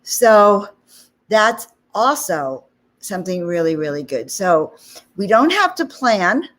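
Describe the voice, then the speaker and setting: A woman's voice: medium pitch, slow. A woman hosting a spiritual talk channel, telling a personal story in a chatty way with frequent "okay?" and "you know" asides. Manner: animated anecdote with frequent 'okay?' and 'you know' asides.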